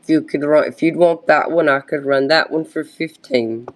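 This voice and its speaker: A woman selling vintage brooches on a live stream in a casual, halting pitch, often pausing to search for words.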